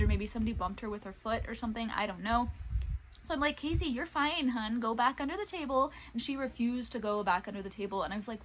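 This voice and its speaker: A young woman vlogging about life with her service dog, retelling stories in a casual, animated way and acting out what people said. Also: medium pitch, a little hiss or hum, rough recording. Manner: animated retelling, acts out quoted voices. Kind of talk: casual storytelling vlog.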